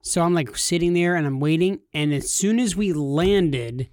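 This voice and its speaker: A man's voice: on the high side, moderate pace, darkish tone, no room sound, studio quality. A man in his thirties telling a funny personal story in a rambling, self-deprecating way, with a lot of "like". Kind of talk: casual comedic storytelling.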